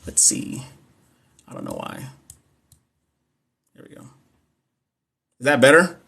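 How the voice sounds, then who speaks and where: A young man running a casual livestream on a phone or computer mic. He reads exam questions out loud and answers viewers' comments. His manner is loose, playful and full of slang, and he often talks straight back to the chat. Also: medium pitch, huge pitch swings, takes it slowly, vocal fry, husky. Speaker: livestream host teaching nursing exam questions. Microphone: phone or computer mic on a live stream.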